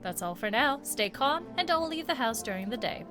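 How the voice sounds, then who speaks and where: A woman reading a game's news broadcast as a formal, even announcer. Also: on the high side, moderate pace, voice pushed up. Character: calm official radio announcer. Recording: game music behind.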